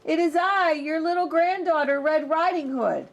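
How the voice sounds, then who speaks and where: A woman's voice: very high voice, moderate pace, muffled recording, pitched above the performer's own voice. A woman voicing a polite, innocent little girl in a red hood in a storybook reading, sounding prim and earnest.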